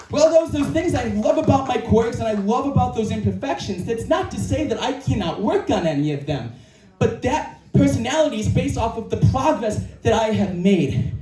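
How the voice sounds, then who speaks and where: At a live event in an indoor creative venue, a man gives an earnest, emphatic motivational talk to an audience, often repeating key phrases. His voice is very high yet mellow. He's captured from a distance in an echoey room, with faint music in the background.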